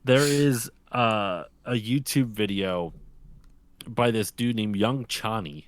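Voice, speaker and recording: A man's voice: lowish voice, slow pace, dry recording. A man co-hosting a live stream, chatting casually and telling stories animatedly, cursing freely. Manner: animated storyteller who swears freely. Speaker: streamer co-host.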